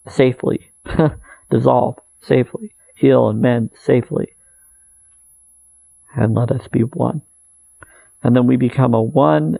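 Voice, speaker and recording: A man speaks in an unhurried, earnest spiritual monologue, circling back to repeat his phrases. His voice is gravelly and mellow, at a middling pitch. The sound is dry and close. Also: no room sound, rough recording. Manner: earnest, meandering, repeats phrases, soft laughs. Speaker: spiritual video maker.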